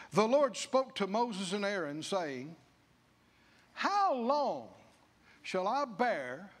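Male pastor, folksy sermon delivery, high animated voice. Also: husky, in a large hall. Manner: folksy, acts out the people's grumbling in character voices. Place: church.

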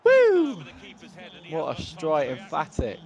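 A man giving live gameplay commentary, excitable, shouting at the match and joking with himself. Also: a little high, normal speed. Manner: excitable, shouts at the match and laughs at his own jokes. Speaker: gaming channel host.

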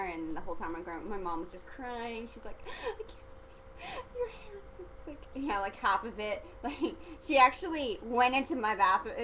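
A woman's voice: medium pitch, fairly bright tone, a little hiss or hum, poor audio. A teenage girl vlogging casually, rambling and giggly, full of "like" fillers. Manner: chatty and giggly, heavy use of "like" fillers.

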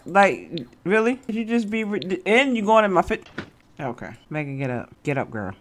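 A woman's voice: fairly low pitch, sing-song, normal speed, slight background noise. Laughing, scolding woman gaming vlogger. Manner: talks to the game characters, bursts into laughter; bossy, scolding, with slang. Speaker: Sims gameplay vlogger. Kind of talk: casual gameplay commentary.

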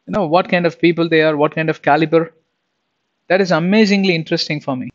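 A man's voice: fairly high pitch, quick pace, highs cut off. A young adult man preaching a sermon in a conversational way, often asking his listeners questions.

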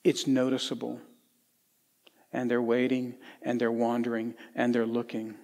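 A middle-aged man from Tennessee, preaching a sermon in a conversational storytelling way with folksy asides, swinging between lively and hushed. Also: mid-range voice, measured pace. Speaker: pastor. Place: church sanctuary. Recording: long church hall reverb.

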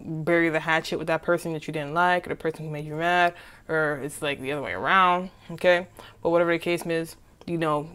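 In a clean, lowish voice, a woman gives an informal tarot reading. She's chatty, rambles, repeats herself, and keeps asking "okay?".

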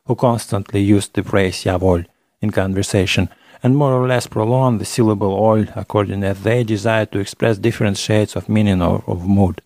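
A man narrating a classic novel in the first person, measured and literary, on a close studio mic. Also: fairly low pitch, fairly even intonation, darkish tone, no room sound. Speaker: audiobook narrator.

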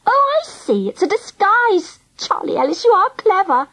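A woman's voice: very high voice, big pitch swings, moderate pace, a bit bright, voice pushed up, exaggerated voice, poor audio. A woman voicing a mischievous young schoolgirl in an audiobook reading. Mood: delighted. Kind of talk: storybook reading.

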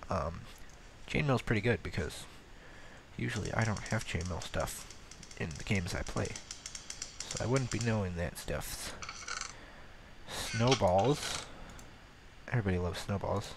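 A man giving self-mocking let's-play commentary in a put-on accent, mumbling at times and then bursting out excited. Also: fairly low pitch, unhurried, background noise. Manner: playing around with a put-on accent. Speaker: gaming video host.

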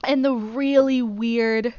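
A woman hosting a casual live stream while gaming, gushing and excitable as she rambles along. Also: fairly high pitch, slow pace, no room sound, muffled recording. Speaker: streamer host.

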